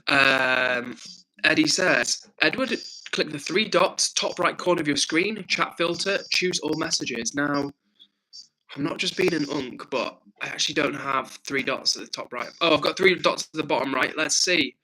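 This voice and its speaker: Bright-voiced English streamer chatting with viewers. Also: male voice, on the high side, normal speed, rough recording. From England. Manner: friendly, chatty, reads chat messages aloud. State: frog in his throat. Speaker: livestream host. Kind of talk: casual live-stream chat reading.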